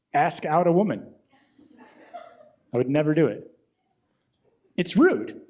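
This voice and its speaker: A man in his thirties doing a deadpan stand-up set on a club stage into a handheld mic. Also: on the high side. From Illinois. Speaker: stand-up comedian.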